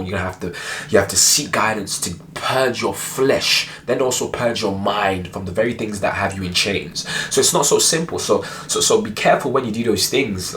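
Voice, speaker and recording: A man's voice: on the low side, a bit bright, a little hiss or hum. A young man giving earnest spoken commentary as a Christian video blogger, with many restarts and rhetorical questions.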